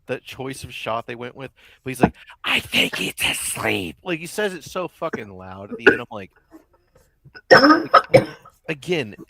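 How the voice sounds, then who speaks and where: A man's voice: medium pitch, big pitch swings, moderate pace, pauses often, bright, forceful tone, no echo. A man co-hosting a podcast, chatting casually about film trailers, joking and swearing freely. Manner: jokey, blunt, swears freely. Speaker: podcast co-host. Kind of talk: casual chat.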